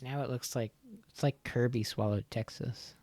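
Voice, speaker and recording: A man's voice: mid-range voice, fairly even intonation, moderate pace, a little mellow. A man, the game master, chatting casually after a tabletop session, self-deprecating and laughing often. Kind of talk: casual post-session chat.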